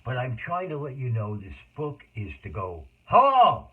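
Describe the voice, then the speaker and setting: Over tinny, phone-like audio, a middle-aged man tells his own life story, wandering from tangent to tangent in a rambling monologue. He has a slightly rough, mid-range voice, very animated, at a normal speed.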